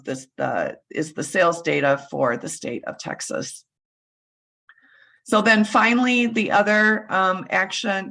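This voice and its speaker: A woman walks through a software demo on a shared screen, her tone bright and forward. She is losing her voice and speaks haltingly, with frequent fillers and restarts. Her sound is picked up over a video call. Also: sits low, low-quality recording. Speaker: user group presenter.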